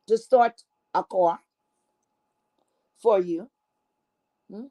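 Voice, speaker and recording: A woman's voice: on the high side, warm tone. A woman delivering an angry, profane callout rant, confrontational and scornful, often repeating herself. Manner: repetitive, stammering restarts. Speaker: online streamer.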